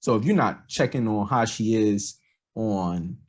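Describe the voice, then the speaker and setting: Brief: husky man with a lowish voice, podcast co-host, loose and animated. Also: measured pace. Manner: rambling, animated, lots of fillers. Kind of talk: casual political chat.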